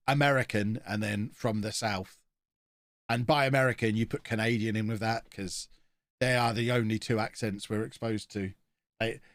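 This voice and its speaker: A man's voice: medium pitch, fairly bright tone, no room sound, studio quality. A man with a blocked nose, chatting and joking through a live-streamed game commentary as he reacts to his chat.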